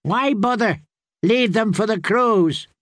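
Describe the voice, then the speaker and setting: A man's voice: high voice, slow, fairly bright tone, dry recording, clean studio sound, pitched above the performer's own voice. A man voicing a cowardly, mocking male jester outlaw who pleads and jokes in a sing-song way, in an audiobook. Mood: sulky. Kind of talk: audiobook character voice.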